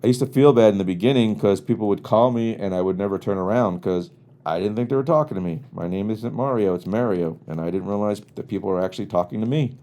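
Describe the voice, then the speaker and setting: A man with a fairly low, mellow voice hosts his own podcast alone. He grew up on the US East Coast and tells rambling, wry stories with mock exasperation. The delivery stays casual and loose. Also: fast. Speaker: podcast host. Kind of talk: casual comedic monologue. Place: home studio in Los Angeles.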